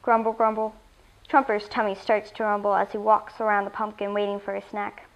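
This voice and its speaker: Expressive woman reading a kids' story. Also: medium pitch, a little fast, lo-fi sound. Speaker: story reader.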